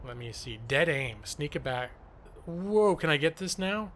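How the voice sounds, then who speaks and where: A man's voice: a little high, animated, measured pace, a bit bright, a little hiss or hum. A man chatting casually and joking at his own expense while streaming a video game live. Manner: chatty, joking, self-deprecating. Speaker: gaming streamer. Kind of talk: live gameplay commentary.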